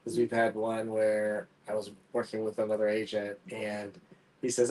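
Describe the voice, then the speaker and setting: A man's voice: lowish voice, monotone, moderate pace, darkish tone, distant mic, rough recording. A man on a casual real estate panel giving practical advice about property management in a plain way that trails off at the ends of sentences. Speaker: real estate agent and Airbnb owner.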